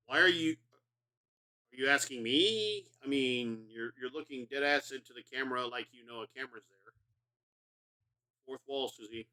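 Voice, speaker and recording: A man's voice: mid-range voice, normal speed, pauses often, sharp tone. A middle-aged man streaming a video game, rambling and profane in casual commentary, self-mocking as he talks.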